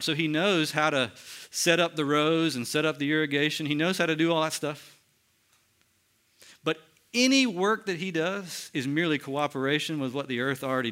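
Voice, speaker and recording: A man's voice: on the high side, normal speed, bright, forceful tone. A man preaching a sermon, teaching earnestly and asking his listeners rhetorical questions. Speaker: pastor.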